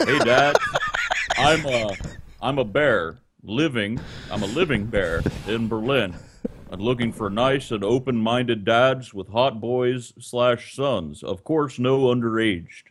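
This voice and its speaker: A man's voice: medium pitch, slow pace, background noise. A man hosting a podcast, reading aloud with sarcastic, mocking asides. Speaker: podcast host.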